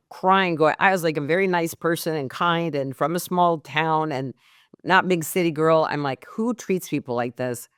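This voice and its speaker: Animated woman telling a candid story. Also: low-pitched, no room sound, studio quality. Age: middle-aged. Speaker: guest, mortgage coach. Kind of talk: storytelling in a podcast interview.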